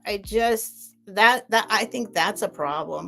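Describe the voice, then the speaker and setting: A woman's voice: medium pitch, takes it slowly, vocal fry, bright, forceful tone, faint music behind. A woman hosting a live sale stream, rambling in a chatty way and gushing thanks at her viewers.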